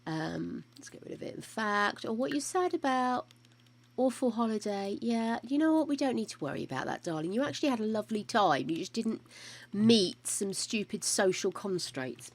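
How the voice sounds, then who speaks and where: A woman's voice: mid-range voice, sing-song, moderate pace. An older woman streaming a life-simulation game, chatting casually to her characters and her viewers, with the odd bit of mild swearing. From United Kingdom.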